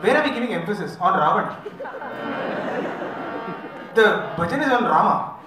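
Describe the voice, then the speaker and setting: Indian English male workshop leader, light humor, high voice, distant in a reverberant hall. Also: expressive, moderate pace. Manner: explains with gentle humor, mixes in Hindi. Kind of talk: teaching talk with sung examples. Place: large echoey hall. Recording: echoey hall from far off, music behind.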